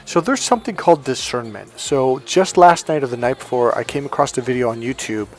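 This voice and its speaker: A man giving a casual spiritual monologue as a coach, animated and self-assured, often laughing at his own points. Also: medium pitch, a little fast.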